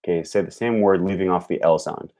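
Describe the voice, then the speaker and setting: A young man thinking aloud on a live stream, slowly repeating words as he practises them. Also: low voice, warm tone. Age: young adult. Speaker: language learner streaming. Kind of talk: casual live-stream commentary.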